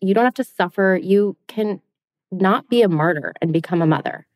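A woman's voice: medium pitch, animated, normal speed, no room sound, studio quality. A woman in her thirties, a podcast guest, telling her own story candidly and bluntly, swearing freely.

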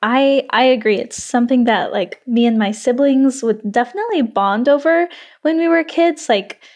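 Bright-voiced chatty woman guest. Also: fairly high pitch, moderate pace. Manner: lively, descriptive, with "like" and "um" fillers. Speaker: podcast guest. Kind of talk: casual podcast chat.

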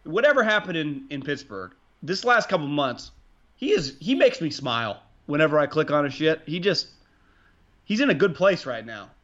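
A man chats casually about sports on a podcast in a rambling, excitable way, swearing freely. His voice sits a bit high, and the recording sounds muffled and lo-fi. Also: normal speed. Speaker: podcast co-host.

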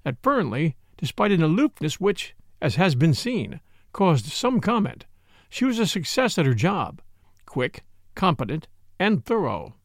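A man giving measured, scripted narration as an audiobook narrator. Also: on the high side, big pitch swings, no echo, studio quality. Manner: measured storytelling.

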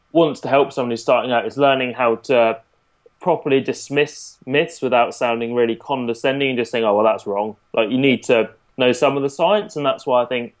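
A man in a casual podcast conversation, talking through his coaching approach. His voice sits at an ordinary middle pitch. He explains at an easy pace, with plenty of "you know" and "um" along the way. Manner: explanatory, relaxed, frequent fillers. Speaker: fitness coach.

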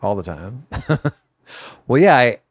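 A man's voice: medium pitch, sing-song, slow, no echo. A man guesting on a podcast in a casual chat, talking in a dry, wry, self-deprecating way.

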